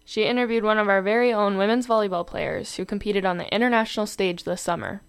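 A woman's voice: medium pitch, fast talker, no echo. A young woman, reading scripted sports headlines as host of a campus show. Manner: clear, steady read with the odd filler.

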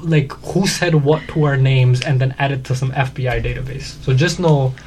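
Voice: medium pitch, normal speed, darkish tone. Laid-back slangy young adult, casual chat. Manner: slangy, laid-back, says bro a lot.

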